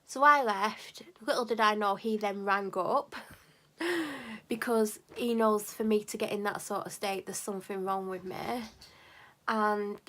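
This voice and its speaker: A woman's voice: mid-range voice, measured pace. A young woman tells a story to camera in a casual vlog, rambling and acting out the dialogue. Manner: animated, rambling, acts out quoted dialogue. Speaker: vlogger.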